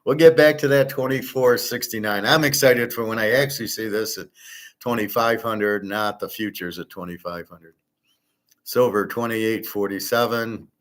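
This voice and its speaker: A blunt man hosting a casual commentary show. His voice sits somewhat low, and he rants freely, cursing as he makes his points. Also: steady tone, moderate pace. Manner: blunt, ranting, swears freely. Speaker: host.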